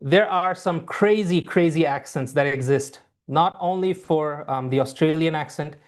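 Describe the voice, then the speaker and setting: An IELTS teacher in an online lesson talks students through the material. The delivery is repetitive and reassuring, full of ums and restarts, at a middling pitch. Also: normal speed.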